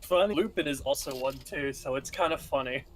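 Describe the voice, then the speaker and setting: A man's voice: mid-range voice, fairly quick, slight background noise. A man hosting a casual gaming stream, rambling and laughing often with friends. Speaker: streamer host.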